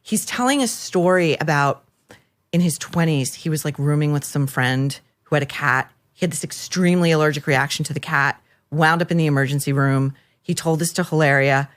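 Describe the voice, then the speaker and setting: A woman columnist, a guest telling gossipy stories in an animated, incredulous way. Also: sits low, a little fast. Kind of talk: gossipy commentary.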